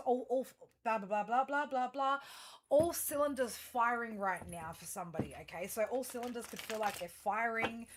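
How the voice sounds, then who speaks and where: A woman giving a tarot reading to her viewers, rambling through fillers and restarts and turning blunt and emphatic, with plenty of swearing. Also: on the high side. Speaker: tarot reader.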